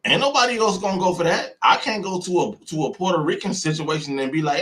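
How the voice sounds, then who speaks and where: A live-stream host from the United States launches into heated opinion talk, emphatic and repetitive, impersonating other people along the way. The American man talks fast with few pauses, in a high, slightly bright voice.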